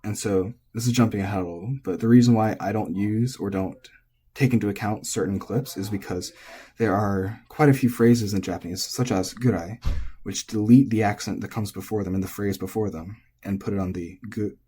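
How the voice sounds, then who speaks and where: Relaxed male teacher with a low, mellow voice, explaining casually and correcting himself mid-thought. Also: fairly quick, breathy edge. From United States. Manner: relaxed, thinking aloud, self-correcting. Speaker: language teacher.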